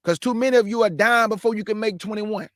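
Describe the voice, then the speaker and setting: A man's voice: sits high, fast, no echo, studio quality. A man preaching live to young people, fervent and repetitive, often calling listeners man and family. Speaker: host and preacher.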